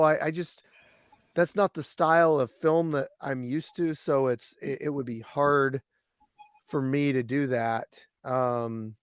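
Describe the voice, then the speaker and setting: A man's voice: mid-range voice, clear, resonant tone, no echo. A man from Washington State hosts a laid-back podcast, wandering through his thoughts with fillers and restarts. His mid-range voice sounds dry and close. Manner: rambling, many fillers and restarts. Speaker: podcast host. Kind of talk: casual chat.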